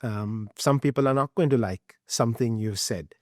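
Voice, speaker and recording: Man asking measured podcast questions. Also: mid-range voice, no echo, studio quality. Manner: measured, builds long questions. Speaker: podcast host. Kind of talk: interview questions.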